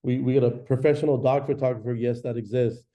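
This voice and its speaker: A man giving a casual, energetic coaching talk to an audience of real estate agents, slangy and quick, often acting out little phone calls. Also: mid-range voice.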